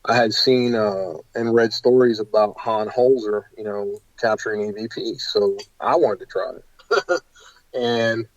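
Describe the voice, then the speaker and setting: A man being interviewed about paranormal investigations, telling stories in an animated, hesitant way full of fillers. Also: on the low side, measured pace, dry recording, highs cut off. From United States. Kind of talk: casual interview storytelling.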